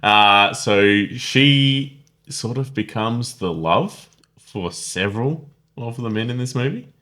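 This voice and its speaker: A man's voice: mid-range voice, expressive, slow pace, bright, forceful tone. A man co-hosting a casual film review podcast, chatty and self-deprecating, laughing often. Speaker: podcast co-host.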